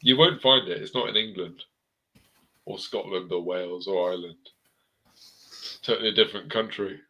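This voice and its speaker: A man's voice: deep voice, normal speed, sharp tone, low-quality recording. A man telling rowdy anecdotes in a casual chat, swearing freely.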